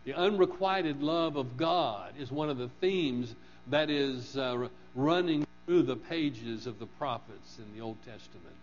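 Slow earnest male preacher, lo-fi. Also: lively intonation. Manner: earnest, rising to fervent emphasis and dropping low on key words. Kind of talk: sermon. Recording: dull lo-fi recording with mains hum.

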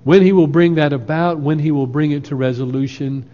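A man preaching a sermon in a slow, earnest way, quoting scripture at length. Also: on the high side, fairly even intonation. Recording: lo-fi with long hall reverb.

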